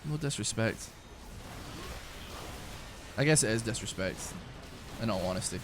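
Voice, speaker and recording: A man's voice: lowish voice, lively intonation, measured pace, background noise. A young man streaming a game live, chatting casually, rambling with frequent restarts and plenty of swearing. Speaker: gaming streamer. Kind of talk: casual live-stream chat while gaming.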